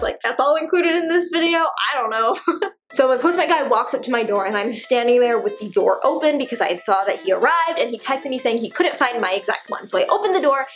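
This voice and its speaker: High-voiced young woman vlogger, animated storyteller who says "like" constantly, faint music underneath. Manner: animated, heavy use of "like," dramatic retelling. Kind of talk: storytelling vlog. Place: home. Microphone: on-camera shotgun mic.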